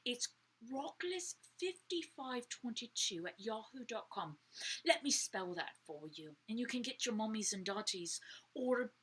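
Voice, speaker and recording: Woman storyteller for kids, breathy voice, bright tone, slow and sing-song, whispered questions. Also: a little high, poor audio. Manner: animated, whispers questions to the listener. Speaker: children's storyteller. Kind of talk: reading a story aloud to children.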